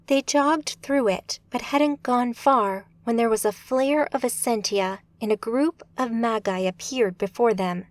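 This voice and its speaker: Woman narrator for a fantasy audiobook, measured and unhurried, a touch high. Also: no echo.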